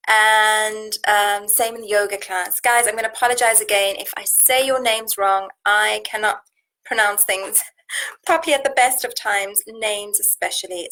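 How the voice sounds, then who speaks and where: A woman hosting a live wellness challenge, slowly counting breaths and then chatting with viewers. Her voice is slightly husky, and she is seated indoors at home. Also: fairly high pitch, fairly bright tone, low-quality recording. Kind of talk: live-streamed coaching chat with guided breathing.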